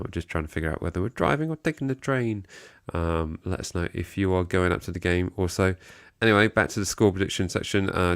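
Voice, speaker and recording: A deep, gravelly English man co-hosts a football fan live stream. He jokes easily and reads out viewer comments. The sound is close and dry. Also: bright, forceful tone, no echo. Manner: jokey, reads chat aloud, chuckles and trails off. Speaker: co-host of a football fan show. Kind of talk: casual live-stream chat.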